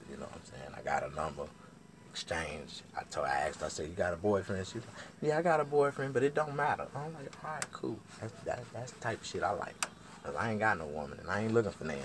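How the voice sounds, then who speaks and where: A middle-aged man, telling a profane comic story in a drawling, lively way. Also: a bass voice, background noise. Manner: drawling, lively, swears a lot. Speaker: storytelling comedian.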